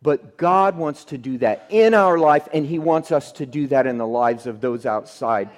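A man preaching a sermon, telling a story that swings between emphatic outbursts and hushed, quiet passages. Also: medium pitch, moderate pace. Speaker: pastor.

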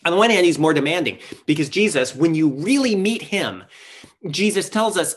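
A man's voice: a little high, animated, normal speed, slightly rough. A man preaching a sermon as pastor, earnest and emphatic, asking rhetorical questions and shifting his pace.

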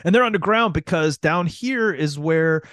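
Animated man retelling a movie. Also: on the high side, normal speed, no echo, clean studio sound. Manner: animated storyteller, acts out scenes with noises and quoted voices. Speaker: podcast co-host. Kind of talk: casual movie-recap chat.

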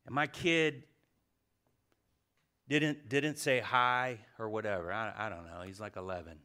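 Bright-voiced man preaching a sermon. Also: lowish voice, fairly even intonation, unhurried, smooth. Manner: preaching with questions to the congregation, swinging from loud to hushed. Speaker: pastor.

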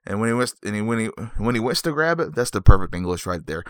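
A man hosting a podcast, recapping a movie in a rambling, wry way with joking asides and frequent throat clearing. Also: fairly low pitch, very animated, fast, fairly bright tone, dry recording, clean studio sound. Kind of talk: casual comic movie recap.

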